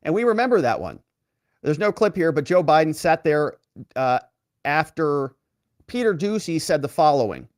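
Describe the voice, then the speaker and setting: A man's voice: normal speed, dry recording, clean studio sound. A man who is an attorney giving casual, sarcastic political commentary and reading articles aloud. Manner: animated and sarcastic, with wide swings in pitch.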